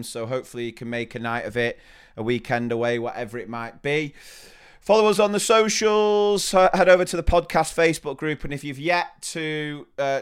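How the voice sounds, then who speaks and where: A man co-hosting a podcast, wrapping up the show in a relaxed, chuckling way. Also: mid-range voice, clear, resonant tone. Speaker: podcast co-host. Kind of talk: casual chat and show outro.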